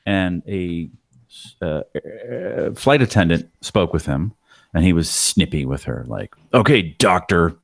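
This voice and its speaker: A man's voice: low-pitched, slow pace, vocal fry, dry recording, clean studio sound. A man in casual podcast chat, telling a story and mimicking the people in it. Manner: animated, does voices of people in his stories.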